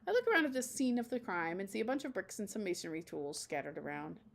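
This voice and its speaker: Woman streamer reading a dating sim out loud, chatty asides in between. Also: mid-range voice, sing-song, fast, creaky, slight background noise. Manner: casual, chatty asides between read lines. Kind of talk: reading game dialogue and narration aloud.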